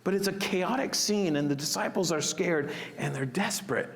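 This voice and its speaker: A man preaching a sermon as pastor, expressive and acting out the disciples' panicked cries. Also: sits high, normal speed, gravelly, in a large hall.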